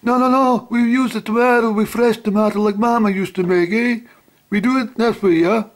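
A man doing a hammy high-pitched mafioso. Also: steady tone, normal speed, close to an everyday voice. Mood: insistent. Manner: high-pitched, exaggerated put-on accent. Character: stereotypical Italian-American mafia man, boisterous.

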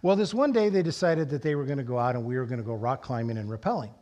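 A middle-aged man preaching a sermon in a church, telling a personal story with animated, rising emphasis. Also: mid-range voice, very fast, lo-fi sound. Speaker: pastor. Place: church sanctuary.

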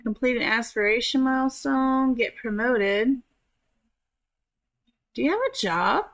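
A woman's voice: fairly high pitch, lively intonation, a little slow, fairly bright tone. A woman giving casual gameplay commentary, chatting to her characters and swearing offhandedly. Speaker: gameplay streamer.

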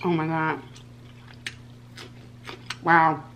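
A woman food vlogger chatting casually and excitedly to her viewers while she eats at home. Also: sits low, drawn-out words, slight background noise. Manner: excitable, chatty, addresses viewers as "you guys". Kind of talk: casual eating vlog.

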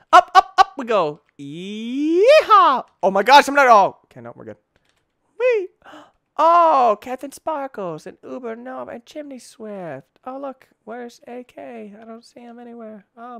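Excitable young man yelling over a game. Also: very high-pitched, moderate pace, vocal fry, hardly any pauses, dry recording, studio quality. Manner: excitable, yelps and shouts in bursts. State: tired, yawning. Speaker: gaming YouTuber. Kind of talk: let's play commentary.

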